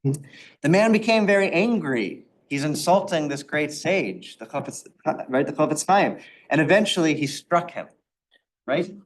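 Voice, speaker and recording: A man's voice: on the high side, lively intonation, a little slow. Man teaching a casual Torah class. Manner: conversational, with frequent restarts and acted-out quotes. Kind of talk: informal Torah study talk.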